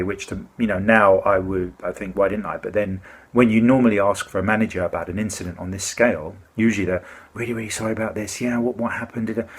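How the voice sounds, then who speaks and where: A man's voice: on the low side, slightly rough. A man from the UK telling a rambling, indignant complaint story in a casual spoken way, often stopping to correct himself. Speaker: complaining customer.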